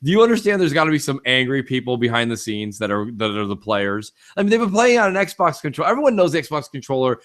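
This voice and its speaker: A man's voice: medium pitch, big pitch swings, fast, hardly any pauses, a bit bright. A man co-hosting a casual gaming podcast, talking in an opinionated, emphatic way. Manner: opinionated, emphatic, repeats "it is what it is". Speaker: podcast co-host.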